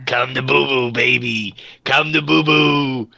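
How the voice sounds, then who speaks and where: A man voicing a brash, scheming male alien merchant, loud and boastful with drawn-out sneering lines. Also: medium pitch, steady tone, gravelly, dry recording, exaggerated voice. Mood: gloating.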